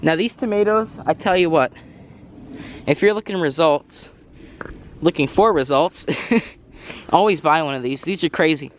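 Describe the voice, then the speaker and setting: A man's voice: fairly high pitch, unhurried, long pauses, a little hiss or hum. A man giving a casual, rambling tour of his garden plants outdoors, a bit out of breath, often correcting himself. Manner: rambling, self-correcting, apologetic asides. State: slightly out of breath. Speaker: gardening vlogger. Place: outdoors in a garden, cars passing.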